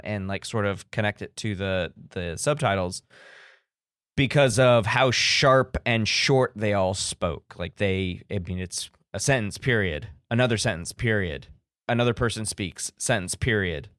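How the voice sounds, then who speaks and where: A man's voice: fairly low pitch, fairly bright tone, clean tone, no room sound, studio quality. A man co-hosting a podcast, chatting casually about a movie, rambling with frequent restarts. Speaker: podcast co-host.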